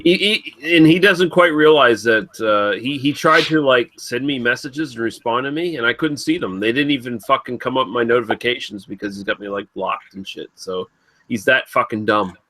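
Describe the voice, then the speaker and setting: A man talking in a loose online hangout with friends. He mocks and teases constantly, and his talk is heavy with swearing. His voice sits at an ordinary middle pitch. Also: normal speed, pushed and bright. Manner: crude and mocking, heavy swearing. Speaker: beer trivia player. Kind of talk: casual group chat.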